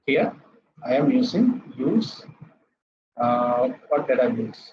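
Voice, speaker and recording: A man's voice: mid-range voice, big pitch swings, extremely slow, lo-fi sound. A man with an Indian English accent teaching a live coding lecture. He repeats terms and checks in with "right?" after each step.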